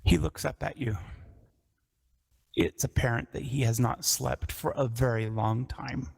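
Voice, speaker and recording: A man narrating a tabletop roleplaying game as dungeon master, describing scenes in a measured way. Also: mid-range voice, vocal fry, a little mellow, breathy edge.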